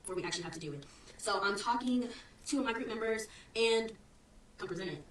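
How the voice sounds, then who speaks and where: A young woman student rapidly and defensively recounting an incident to her followers. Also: on the high side, reverberant, recorded from a distance, noisy background. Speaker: student telling her story. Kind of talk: storytime recounting events to followers.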